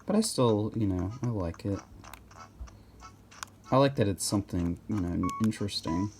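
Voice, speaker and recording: A man's voice: fairly low pitch, normal speed, over music. A man giving casual gameplay commentary, rambling and hesitant with many restarts.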